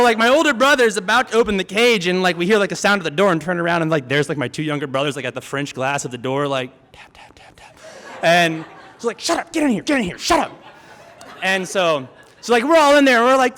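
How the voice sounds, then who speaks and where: A man in his thirties telling a true story on stage, chatty and animated, full of filler words, acting out his siblings with sudden shouts. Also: sits high. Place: theater stage before an audience. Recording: long hall reverb, faint ambience.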